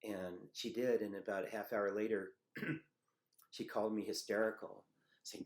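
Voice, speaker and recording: A middle-aged man telling a personal memory in a halting, reflective way, with many pauses and fillers. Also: fairly low pitch, fairly even intonation. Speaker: storyteller recounting a personal memory. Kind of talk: personal testimony.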